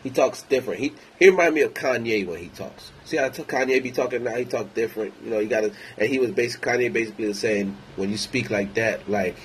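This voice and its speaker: A man's voice: mid-range voice, fast, hardly any pauses, slight background noise, poor audio. A man ranting in a casual monologue, rambling, blunt and heavy on profanity. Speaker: vlogger.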